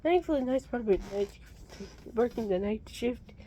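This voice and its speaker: A young woman ranting casually in a home vlog, swearing and frustrated, jumping between loud outbursts and low muttering. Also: animated, moderate pace, a little hiss or hum. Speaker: vlogger.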